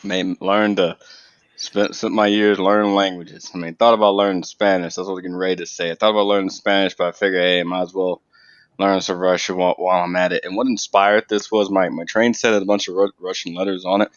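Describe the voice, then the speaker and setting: Low-voiced man on a dull dry recording. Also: level tone, fast talker, dry recording. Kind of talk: casual chat.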